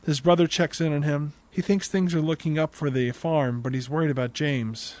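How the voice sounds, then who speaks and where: A man's voice: a little high, steady tone, moderate pace, darkish tone. Man, podcast host, casual movie recap, tired, dry and wry. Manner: dry, wry narration with asides.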